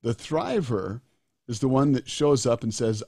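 A guest disaster doctor in his sixties speaks earnestly and emphatically during an interview, circling back to his key phrases. His mid-range, slightly mellow voice has lively intonation and an unhurried pace. The recording is dry and of studio quality.

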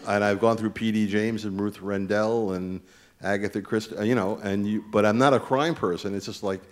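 Man, fairly low voice, earnest, rambling, audience member, lots of fillers. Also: steady tone, normal speed. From New Jersey. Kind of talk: speaking from the audience.

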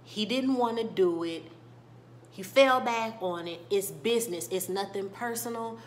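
A woman voicing a calm, matter-of-fact male street boss. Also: medium pitch, a little slow, slight background noise, natural voice. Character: cool-headed man, a street business boss.

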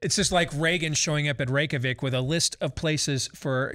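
A man hosting a political talk panel, sardonic and prone to halting restarts. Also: on the high side, sharp tone, no room sound, clean studio sound. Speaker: talk show host. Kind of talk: panel discussion.

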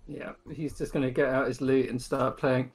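A man's voice: mid-range voice, level tone, normal speed, breathy edge. A man playing a tabletop game, casual and playful, with restarts and laughter. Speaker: player.

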